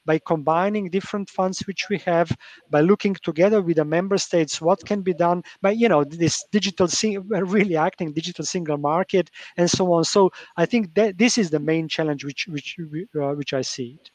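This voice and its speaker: High-voiced hesitant man panelist. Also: moderate pace, darkish tone, no room sound. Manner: hesitant, many fillers and repeats. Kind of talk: panel discussion.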